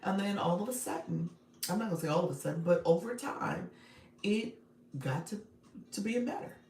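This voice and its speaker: An upbeat woman coaches her viewers on a live stream, repeating her points and calling people by name. Her low voice has a gravelly edge. She sounds a little distant from the mic, in an echoey room with faint background noise. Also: lively intonation, normal speed, a little mellow. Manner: upbeat, repetitive, laughs often, addresses viewers by name. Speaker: livestream coach and host. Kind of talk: live-stream coaching talk, reading chat.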